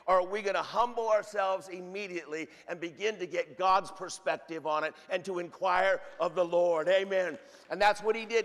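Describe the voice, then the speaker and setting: A pastor preaching a sermon with fervent energy, often stumbling into repeated restarts. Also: male voice, sits high, fairly bright tone, big-room sound. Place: church sanctuary.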